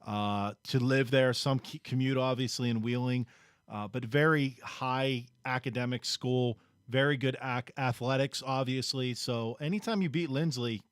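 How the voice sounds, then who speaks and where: A man with a Pittsburgh accent co-hosting a sports show, talking in a relaxed, halting way. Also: mid-range voice, smooth, dry recording, clean studio sound. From Pittsburgh area. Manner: relaxed, hesitant, many restarts. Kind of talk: casual sports talk.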